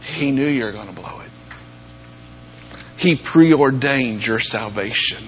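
A man preaching a sermon, dropping to near-whispers and then rising to loud, emphatic peaks. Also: mid-range voice, slow pace. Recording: dull lo-fi sound with faint mains hum.

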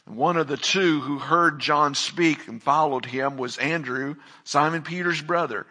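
A man's voice: on the high side, a little slow, bright, forceful tone. A man preaching a sermon, reading scripture aloud, praying, then preaching with rising emphasis. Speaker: pastor. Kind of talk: sermon with Bible reading and prayer.

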